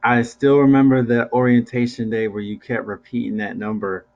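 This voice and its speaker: A man's voice: medium pitch, little pitch movement, moderate pace, darkish tone, dull audio. A young male student co-hosting over a video call, talking in a laid-back, casual way. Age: young adult. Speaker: student co-host. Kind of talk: casual chat.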